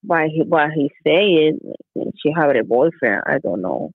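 A woman's voice: sits low, animated, normal speed, gravelly, slightly rough, no room sound. A woman talking casually, hesitant and repeating herself, often breaking into laughter. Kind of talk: casual conversation. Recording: tinny phone line.

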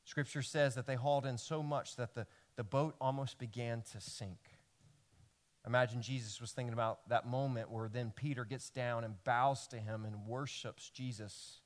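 A man's voice: medium pitch, fairly even intonation, moderate pace. Male pastor preaching a storytelling sermon. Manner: storytelling, swinging between loud emphasis and hushed lines. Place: church service before a congregation.

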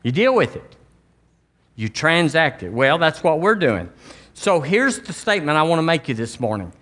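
A man's voice: fairly high pitch, very animated, moderate pace, fairly bright tone. A man with a Southern US accent preaching a sermon as pastor, emphatic, with folksy asides and little acted-out quotes.

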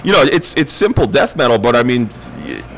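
A man's voice: medium pitch, brisk, vocal fry, a little hiss or hum, poor audio. A young man, swapping stories in casual, profane chat. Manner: profane, animated storyteller.

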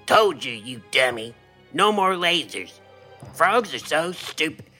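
A man voicing a cocky, boastful male spaceship captain who gloats and shouts, then pouts when he is ordered to bed. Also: medium pitch, lively intonation, normal speed, soft background music. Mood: gloating, shouting.

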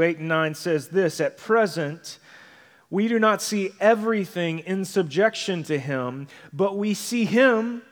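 A pastor preaching a sermon in a conversational style, often checking in with the congregation with tag questions. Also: male voice, sits high, long reverb tail. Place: church sanctuary.

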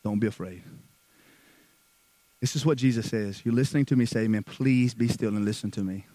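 A man preaching a sermon who moves between hushed, slow passages and loud, fervent stretches, often repeating words. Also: medium pitch, no echo, rough recording. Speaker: pastor.

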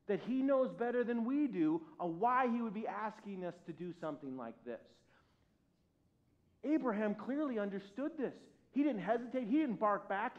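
A male pastor delivers a sermon with a lively, self-deprecating storytelling style, his speaking voice sitting a touch high for a man. The recording is dull and lo-fi, with the crisp top end missing. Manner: animated, self-mocking storytelling with wide swings in loudness. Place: church service. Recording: dull lo-fi sound.

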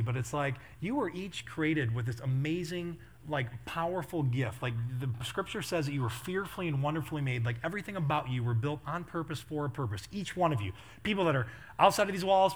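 Fast-talking, animated man preaching. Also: on the high side. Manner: animated, laughing, acts out quotes. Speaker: pastor. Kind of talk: storytelling sermon.

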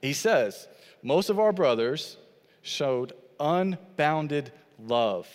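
A man's voice: a little high, lively intonation, drawn-out words, in a large hall. A man preaching a sermon as pastor, earnest and repetitive, quoting scripture and building phrase on phrase.

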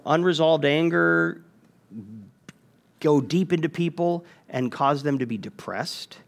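Animated male preacher, lively delivery. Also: on the high side. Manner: animated, emphatic preaching with restarts. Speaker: pastor. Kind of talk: sermon.

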